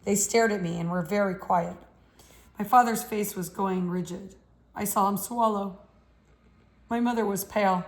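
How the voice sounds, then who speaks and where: A woman reading a novel aloud in a measured, steady way. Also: mid-range voice. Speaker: audiobook reader.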